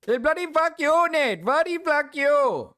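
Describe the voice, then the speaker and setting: A man's voice: very high-pitched, very animated, unhurried, pitched above the performer's own voice, exaggerated voice. A man mocking an irate self-declared engineer. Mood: indignant. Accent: put-on Indian English. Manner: shouty, repeats "sir" after every phrase. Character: furious man insisting he is an engineer.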